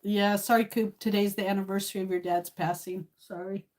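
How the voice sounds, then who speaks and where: Woman, 60s, live streamer; tearful, emotional, halting delivery full of fillers. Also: medium pitch, steady tone, darkish tone. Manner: emotional, tearful and laughing by turns, many fillers. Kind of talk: casual live stream chat.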